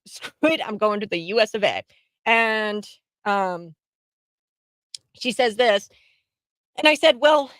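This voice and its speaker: Woman, political commentary host, casual, indignant, sarcastic, mid-pitched voice, dry recording. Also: a bit bright, dry recording. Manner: indignant, sarcastic, many fillers and restarts.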